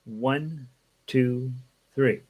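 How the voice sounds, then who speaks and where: A man teaching a casual online ukulele lesson, relaxed and chatty, counting beats aloud and singing lines along as he plays. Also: mid-range voice, extremely slow, a little hiss or hum. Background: ukulele playing.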